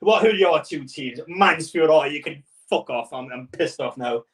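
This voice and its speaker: A man's voice: on the high side, animated, fairly quick, far from the mic. A man reacting live to a cup draw as a football fan, exasperated and swearing, rambling with stutters.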